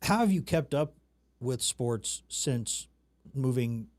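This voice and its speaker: A man's voice: mid-range voice, expressive, slow pace, a little mellow. A man from the American South hosting a casual chat, talking in a loose, rambling, self-mocking way. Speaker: talk show host.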